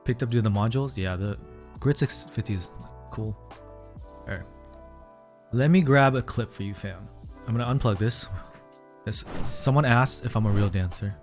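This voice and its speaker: A man's voice: on the low side, normal speed, pauses often, soft background music. A man streaming live from a small room, chatting casually and rambling to his viewers, a little out of breath. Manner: chatty, rambling, talks to chat as "fam".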